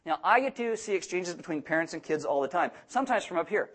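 A young man delivers a sermon with a light, joking touch. His voice sits high for a man, and he acts out the people he quotes with animated voices. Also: fast, husky. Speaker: pastor.

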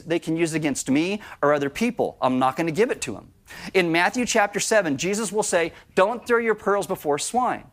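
Guy pastor preaching, chatty sermon, kinda high voice, does little voices for examples. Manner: conversational preaching with acted-out asides.

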